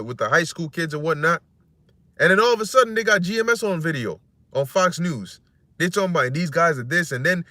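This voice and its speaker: Bright-voiced man preaching loosely. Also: fairly high pitch, dry recording. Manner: rambling and conversational, acts out quoted voices, curses freely. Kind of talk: casual scripture commentary.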